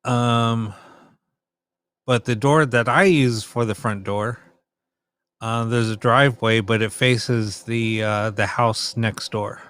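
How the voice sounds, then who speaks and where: A man's voice: mid-range voice, fairly even intonation, slow pace, fairly bright tone, clear, resonant tone. Chatty man hosting a late-night stream. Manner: chatty, laughing, teasing back at viewers. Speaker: live stream host. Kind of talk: casual chat with live chat viewers.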